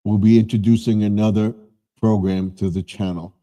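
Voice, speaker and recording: Older man with a very dark voice. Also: on the low side, flat delivery, normal speed. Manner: rambling, corrects himself often. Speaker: live stream host. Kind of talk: casual live stream chat.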